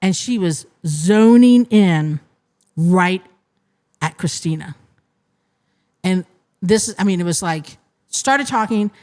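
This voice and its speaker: A woman guest on a podcast retelling an experience in an animated, casual way, often restarting her sentences. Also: fairly low pitch, takes it slowly, long pauses. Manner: animated retelling, frequent restarts and "you know". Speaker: interview guest, restaurant co-manager. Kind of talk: casual storytelling.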